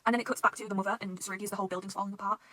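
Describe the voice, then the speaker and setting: Young woman, excitable fan reaction host. Rapid, bright delivery, acts out quotes. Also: medium pitch, dry recording. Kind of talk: casual fan reaction monologue.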